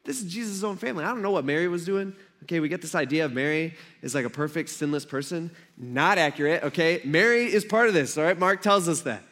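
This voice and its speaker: A man preaching a conversational sermon, casual and animated, acting out Bible scenes with asides to the congregation. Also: a little high, fast talker, few pauses. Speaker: pastor.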